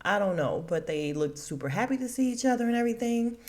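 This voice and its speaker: A woman's voice: a little high, lively intonation, fast talker, a little mellow. A woman hosting a podcast, recapping a TV episode in a casual, blunt and opinionated way, swearing freely. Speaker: podcast host.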